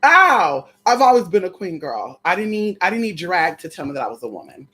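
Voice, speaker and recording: A woman's voice: on the low side, quick pace, slightly rough. Sassy woman telling a story to viewers. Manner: sassy, animated, addresses viewers as "girl" and "y'all". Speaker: storyteller vlogger.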